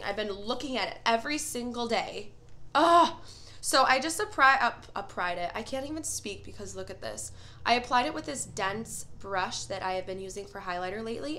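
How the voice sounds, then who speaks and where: A woman's voice: mid-range voice, lively intonation, a little fast, pushed and bright, slight background noise. A young woman filming a casual first-impressions makeup review, gushing and exclaiming as she tries products. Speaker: beauty vlogger.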